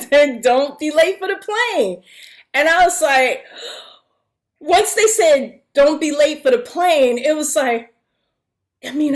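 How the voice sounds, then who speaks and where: Her voice sitting high, a middle-aged actress appearing as a guest recounts a story in a lively, casual way, frequently laughing and imitating the voices of others.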